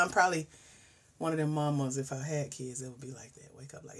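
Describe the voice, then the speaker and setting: A woman, hosting a casual livestream chat, animated and talkative, dropping into hushed asides and rising into loud exclamations. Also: deep voice, a little fast. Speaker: host.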